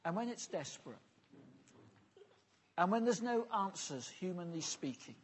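A man preaching an earnest, pastoral sermon, often letting his phrases fall soft and low at the end. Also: big pitch swings, unhurried, a little hiss or hum. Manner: earnest, pastoral, drops softly at phrase ends.

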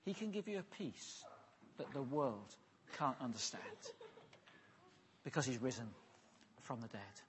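A man preaching an earnest, pastoral sermon, often letting his phrases fall soft and low at the end. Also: big pitch swings, measured pace, pauses often, a little hiss or hum. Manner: earnest, pastoral, drops softly at phrase ends.

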